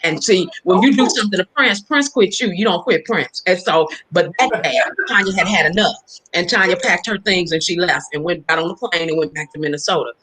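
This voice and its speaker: A woman from California, a hairstylist telling a personal story in casual conversation, animated and acting out the voices of the people in it. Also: on the low side, fairly quick, slight background noise, poor audio. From Inglewood, California. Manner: animated, acts out the voices in her stories.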